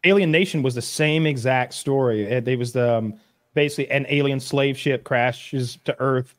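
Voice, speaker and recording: A man's voice: medium pitch, moderate pace, no echo, clean studio sound. A man co-hosting a podcast, rambling through crude stories in casual banter. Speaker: podcast co-host.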